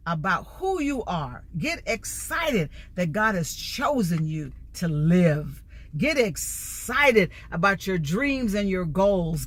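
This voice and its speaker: A middle-aged life coach and empowerment speaker delivers an emphatic motivational talk in a repetitive, preaching cadence. Her voice is medium-pitched with a fairly bright tone.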